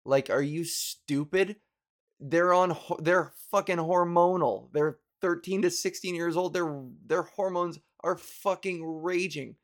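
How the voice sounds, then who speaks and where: A man's voice: high-pitched, fairly even intonation, unhurried. A man in a casual, rambling rant to his viewers, swearing freely and joking wryly. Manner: profane, rambling, wry.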